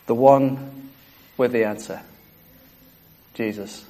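A man's voice: medium pitch, steady tone, slow, warm tone. A man preaching a sermon, earnest and emphatic, repeating key phrases.

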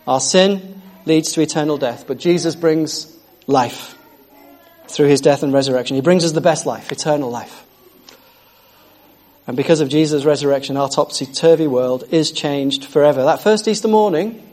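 Male preacher, fairly high voice, exuberant and repetitive, sometimes off-mic. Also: darkish tone. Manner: exuberant, repeating phrases for emphasis. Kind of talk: sermon.

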